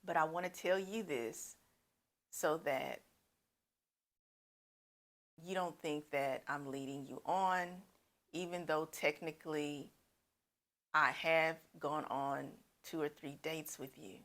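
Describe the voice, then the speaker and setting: A young lesbian woman speaking earnestly and directly, her voice low and full, as a woman acts her out. She is candid, pleading to be understood. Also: steady tone, slow, pauses often, fairly bright tone. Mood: apologetic.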